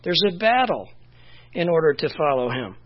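Husky conversational male preacher. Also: a little high, big pitch swings, normal speed, dull audio. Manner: conversational, repeats "you know", restarts phrases. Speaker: pastor. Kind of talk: sermon.

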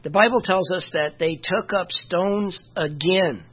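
Here's a husky, somewhat breathy mid-range voice, speaking a little slowly, of a Bible teacher going over scripture in a loose, chatty manner. "You know" comes up again and again, and there are stops to check verses. The audio is dull and lo-fi.

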